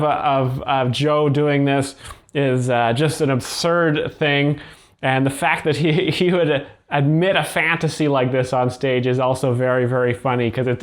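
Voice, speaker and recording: Guy doing deadpan sarcastic commentary, slightly higher voice, lots of ums. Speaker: host of a comedy commentary channel. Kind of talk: mock-serious comedy commentary.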